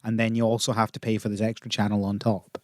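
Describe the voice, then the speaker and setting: A man's voice: on the low side, monotone, fast talker. A man co-hosting a podcast with a dry, wry way of talking. He is close to the mic in a dead, dry room with no echo at all. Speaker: podcast co-host. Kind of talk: casual podcast chat.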